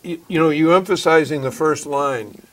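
A man's voice: a little high, normal speed, fairly bright tone, slight background noise. A man in casual chat working through riddles aloud, thinking step by step with hesitations. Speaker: co-host answering riddles.

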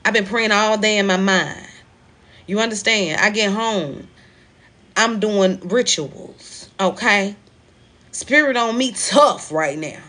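A woman's voice: medium pitch, slow, pushed and bright. A woman hosting a live spiritual card reading, talking emphatically and repeating her points like a preacher. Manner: emphatic, repetitive, preachy with African American Vernacular phrasing. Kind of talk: live stream tarot-style reading.

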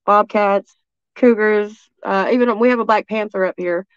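A woman's voice: mid-range voice, moderate pace, smooth, dry recording, highs cut off. Southern lady from east tennessee telling a wild story, keeps restarting, real dry close sound. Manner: rambling, excitable, many restarts and fillers. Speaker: guest. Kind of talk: casual storytelling.

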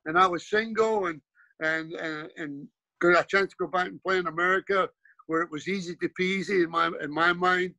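Scottish guest in his 70s; high, forceful tone; chatty storyteller full of restarts. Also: steady tone, normal speed, vocal fry, dry recording, poor audio. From Scotland. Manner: rambling anecdotes with frequent restarts and "you know". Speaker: guest, former pro player and coach. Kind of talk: casual storytelling interview.

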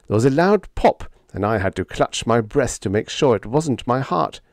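A man reading a humorous story aloud, with a lively, playful first-person telling. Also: mid-range voice, normal speed, no echo, studio quality. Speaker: audiobook narrator.

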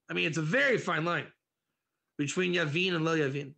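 A male teacher whose voice sits high and bright, with a gravelly fry running under it. He leads an interactive class on Proverbs, acting out little scenes and answering students by name. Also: a little fast. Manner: animated, dramatizes examples, answers students by name. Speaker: Torah teacher.

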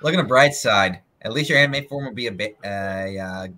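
A man's voice: fairly low pitch, fairly quick, pushed and bright. A man chatting casually on a gaming stream, hesitating with frequent fillers. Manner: hesitant, lots of "um" and "uh".

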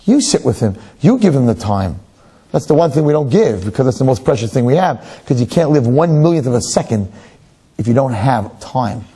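A middle-aged man, a rabbi, delivering a sermon with stories in an emphatic, animated preaching manner. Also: mid-range voice, fairly quick, husky. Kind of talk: sermon with storytelling.

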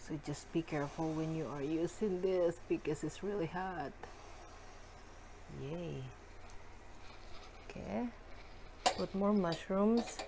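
A woman cooking at home and chatting to her viewers, giggly and excitable. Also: on the low side, takes it slowly, long pauses, noisy background. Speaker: cooking vlogger. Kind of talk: casual cooking chat to viewers. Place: home kitchen.

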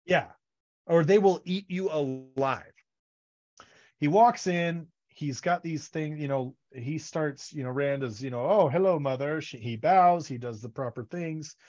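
A man co-hosting a casual fan podcast, animated and laughing, acting out characters' lines as he retells scenes. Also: on the high side, measured pace. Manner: animated, acts out quotes, laughs often. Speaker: podcast co-host. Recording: dull lo-fi audio.

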